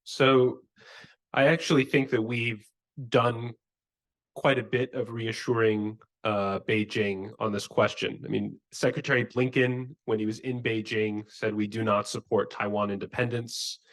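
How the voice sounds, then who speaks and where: A man answering on a policy panel in a conference room. His voice sits low and barely rises or falls. He lays out his reasoning in a measured, analytical way. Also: flat delivery, a bit bright.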